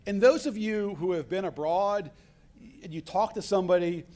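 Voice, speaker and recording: A man's voice: sits high, moderate pace. A man giving a storytelling speech at a business conference, acting out the dialogue he quotes. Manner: animated, acts out quoted dialogue. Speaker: keynote speaker. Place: conference hall.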